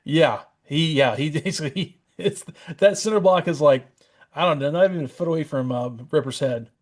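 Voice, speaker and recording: Chuckling man, slightly high voice. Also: brisk. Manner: chuckles often, rambling with fillers. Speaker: podcast co-host. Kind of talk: casual comic-book chat.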